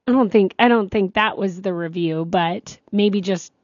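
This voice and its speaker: A woman's voice: medium pitch, moderate pace, no echo, lo-fi sound. A woman, co-hosting a radio show in casual, giggly chat. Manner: giggly, chatty, animated. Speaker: radio co-host.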